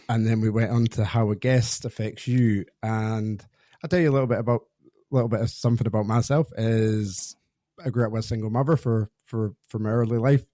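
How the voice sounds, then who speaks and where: A man's voice: fairly low pitch, mellow, no echo. A man in his thirties hosting a podcast interview, reflective and hesitant, often restarting his sentences. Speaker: podcast host. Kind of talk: interview conversation.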